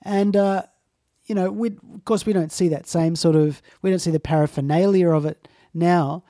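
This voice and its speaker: Mellow man, emphatic host. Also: high-pitched, fairly even intonation, moderate pace, dry recording, clean studio sound. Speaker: talk show host. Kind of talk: casual commentary chat.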